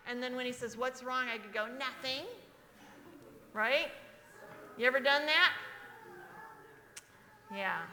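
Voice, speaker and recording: Brief: woman in her 60s, a preacher giving a sermon, bright forceful voice, long church reverb on the livestream. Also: a little high, slight background noise. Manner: emphatic, asks the congregation questions. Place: church sanctuary.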